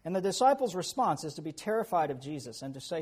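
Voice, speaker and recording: A man preaching a sermon who tells animated stories with chuckles and asides. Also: on the high side, fast talker, breathy edge. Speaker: pastor.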